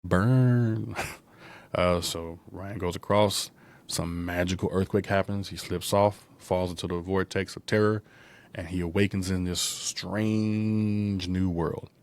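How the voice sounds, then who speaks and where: A man's voice: low voice, steady tone. A man hosting a casual movie review podcast, rambling through a plot recap with lots of fillers and asides. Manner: rambling, digressive retelling with many fillers; drops into quick character voices while recapping. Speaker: podcast host.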